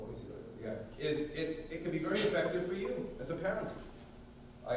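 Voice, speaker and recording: A man from Massachusetts leads a parenting workshop and keeps the room entertained, acting out the people in his stories and breaking into snatches of song. His voice sits in a middle male range. He is picked up from far off in a large echoing room, with steady ambient noise underneath. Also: medium pitch. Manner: animated storyteller who acts out quotes and sings snippets. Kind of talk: storytelling talk to a parent audience. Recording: echoey hall recorded from far off.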